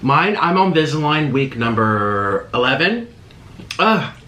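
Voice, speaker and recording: A man talks over a video he is reacting to, snacking between remarks and tossing out quick asides. His voice sits a bit high and swings widely in pitch. The room around him gives a noticeable echo. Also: big pitch swings, sharp tone. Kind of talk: casual reaction commentary while eating. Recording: roomy echo.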